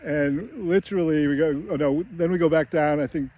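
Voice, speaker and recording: A man's voice: fairly high pitch, fairly quick, warm tone. A man giving a casual, rambling film analysis with many fillers and chuckles. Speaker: screenwriting commentator.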